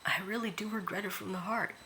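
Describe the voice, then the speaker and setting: A woman speaking an earnest, emotional confessional monologue into her phone, halting and repeating herself, near tears. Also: medium pitch, steady tone, sharp tone, slight background noise. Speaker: vlogger.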